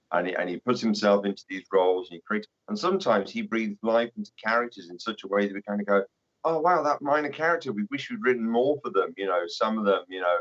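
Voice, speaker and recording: A man speaking as a guest author in casual podcast chat, his voice very low. He is measured and appreciative and keeps dropping "you know". The audio is dull and lo-fi. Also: a bit bright.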